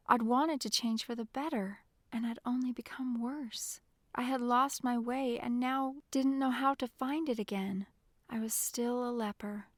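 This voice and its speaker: A woman narrating an audiobook in the first person, with soft, emotional storytelling. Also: a little high, no room sound, clean studio sound.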